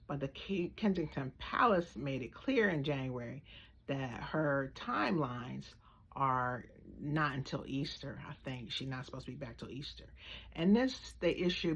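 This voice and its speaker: An American woman giving blunt, slangy, animated opinion commentary in a casual vlog. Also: extremely low pitch, husky. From United States. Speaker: vlogger.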